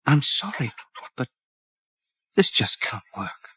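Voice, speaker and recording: Woman as deep, raspy, slow, apologetic boyfriend. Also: very animated, fairly bright tone, exaggerated voice. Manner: low, soothing, apologetic.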